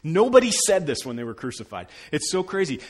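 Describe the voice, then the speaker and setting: A man preaching a Good Friday sermon in a conversational, expressive way, dropping to quiet moments for emphasis. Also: fairly high pitch, brisk. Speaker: pastor.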